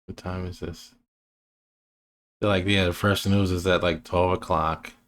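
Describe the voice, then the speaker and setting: A man's voice: sits low, level tone, unhurried, fairly bright tone. A man casually walking through trading charts, rambling and restarting his sentences. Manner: rambling, restarts often, many fillers. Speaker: trading educator.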